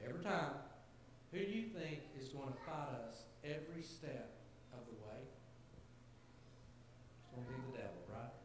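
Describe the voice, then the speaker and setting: A man preaching a sermon to his congregation in an earnest, conversational way, building to emphatic points. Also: fairly high pitch. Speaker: pastor. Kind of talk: sermon to a church gathering. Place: church sanctuary. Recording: very echoey church hall, faint hiss.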